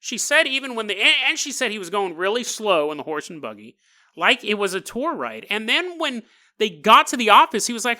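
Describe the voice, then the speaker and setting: A man's voice: high-pitched, sing-song, a little fast, bright, forceful tone. A man hosting a podcast, telling an eerie tale in a chatty, jokey way with frequent laughs. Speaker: podcast host. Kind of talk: casual storytelling podcast.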